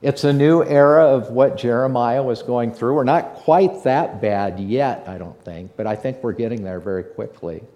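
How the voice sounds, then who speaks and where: A man's voice: medium pitch, normal speed, few pauses, warm tone. A man preaching a sermon to his congregation, earnest and rising to fervent emphasis. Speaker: pastor.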